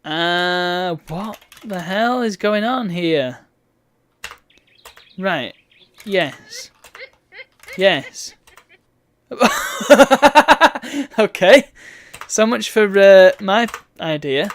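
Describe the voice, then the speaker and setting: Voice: mid-range voice, expressive, drawn-out words, pauses often. A streamer giving wry, bemused commentary while reading a game's text aloud. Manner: wry, bemused asides between read-out lines.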